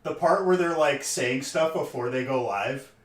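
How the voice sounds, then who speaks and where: Opening trading card packs on a live stream, a young man sits alone in a room, rambling casually and teasing his audience. His voice is mid-range at a normal speed, and there is a little hiss or hum.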